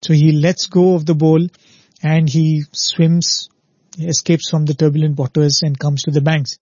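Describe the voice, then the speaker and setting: A man gives a spiritual talk in a slightly high, mellow voice, explaining patiently and tossing in "right?" to keep listeners with him. The voice is a little husky. The recording is dull and dry, with no room sound. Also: level tone, a little slow, no echo. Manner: explanatory, often adds "right?" to check in with listeners. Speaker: spiritual speaker.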